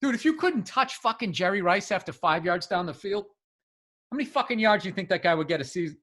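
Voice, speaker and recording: A podcast co-host, a man, holds forth in casual chat, heated and profane. His voice sits high and sharp. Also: lively intonation, quick pace.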